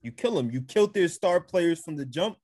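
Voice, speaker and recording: A man's voice: on the high side, lively intonation, moderate pace, a little mellow, no room sound. Laid-back man on a dry podcast mic. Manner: laid-back, laughs often, repeats phrases for emphasis. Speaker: podcast co-host. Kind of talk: casual sports chat.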